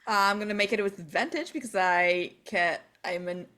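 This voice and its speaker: A woman's voice: medium pitch, normal speed, a bit bright. A young woman playing a tabletop game, speaking in a dry, exasperated way. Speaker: player.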